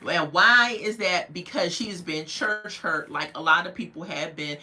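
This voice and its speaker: A woman's voice: lowish voice, measured pace, sharp tone, poor audio. A woman recapping a reality TV episode in casual chat, telling it as a story and acting out the people she quotes with playful asides.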